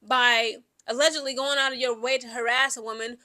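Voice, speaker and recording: A young adult woman talks through her opinions, animated and opinionated, with plenty of filler words. Her voice sits high and sounds bright and forceful, with a lively, chatty delivery. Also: a little fast. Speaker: commentary vlogger. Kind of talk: casual opinion commentary.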